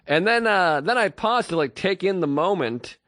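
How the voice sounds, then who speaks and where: Male podcast co-host, animated storyteller, dry close sound. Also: high voice, normal speed, dry recording. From Boston. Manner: animated storytelling, acts out others' lines. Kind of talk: casual comedic chat.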